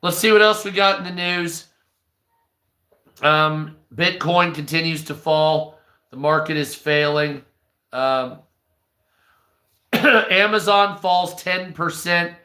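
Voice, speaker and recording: A man hosts a casual livestream news commentary, reading headlines slowly with blunt opinions and frequent ums. His voice is high and bright. The room has a noticeable echo. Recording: roomy echo.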